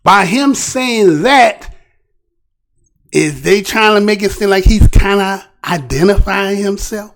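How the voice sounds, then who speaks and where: Male show host with a high, gravelly voice, talking through the news in an animated, off-the-cuff way. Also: slow. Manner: rhetorical, repeatedly asks "right?"; animated, restarts and trailing phrases. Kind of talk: casual news commentary.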